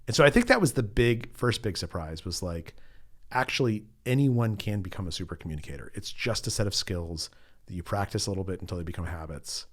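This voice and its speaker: Middle-aged man, author guest, low voice, lively storyteller, casual fillers. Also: fairly quick. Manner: animated storyteller, acts out quotes, frequent "like" fillers. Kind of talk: conversational storytelling interview.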